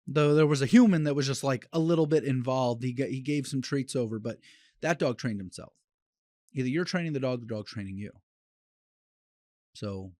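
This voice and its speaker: A man hosting a solo podcast as a dog trainer, talking bluntly and with conviction in quick bursts, with frequent restarts. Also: on the high side, a little mellow, dry recording, clean studio sound.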